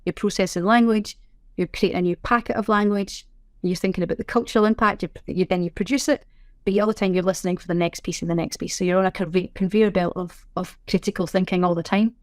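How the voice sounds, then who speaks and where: A woman's voice: lowish voice, quick pace, no echo. Chatty Scottish woman, dry close mic. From Scotland. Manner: chatty, self-deprecating, animated storyteller. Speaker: guest, sign language interpreter. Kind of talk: casual interview chat.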